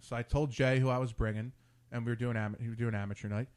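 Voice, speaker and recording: A man's voice: medium pitch, fast, clean tone. A man hosting a casual talk show who tells crude stories and acts out the dialogue. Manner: storytelling, animated and crude, quotes friends in dialogue. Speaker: podcast host. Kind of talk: casual chat.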